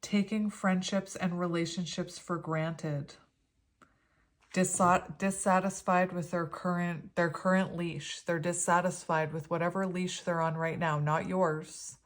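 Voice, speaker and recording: A woman reading tarot cards for viewers, chatty and gushing, with many pauses and restarts. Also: on the low side, flat delivery. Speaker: tarot reader. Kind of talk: pick-a-card tarot reading.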